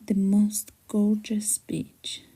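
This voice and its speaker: A woman voicing a patient young mother, in a soft, half-whispered reading voice. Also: mid-range voice, monotone, very slow, breathy edge, full character voice. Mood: coaxing.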